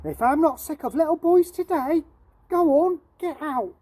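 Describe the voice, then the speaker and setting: A woman voicing a cross middle-aged woman shopkeeper who shouts and scolds. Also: very animated, measured pace, slightly rough, exaggerated voice. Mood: scolding. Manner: shouting, scolding, much higher than her own voice.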